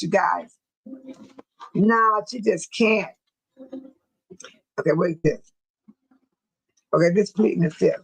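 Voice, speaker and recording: A woman's voice: fairly low pitch, gravelly, husky, low-quality recording. A woman hosting a casual livestream, chatting with viewers, repeating herself and laughing often. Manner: repetitive, chatty, quick to laugh. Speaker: livestream host. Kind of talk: casual live chat with viewers.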